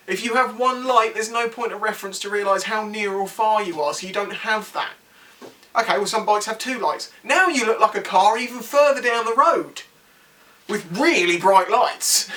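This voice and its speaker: A man talks bikes to camera in a frank, exasperated rant. His voice sits high and bright. He is heard from a little way off the microphone. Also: far from the mic. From England. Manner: frank and exasperated, acts out quick exchanges of other riders. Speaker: motorcycle vlogger. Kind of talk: casual opinion rant to camera.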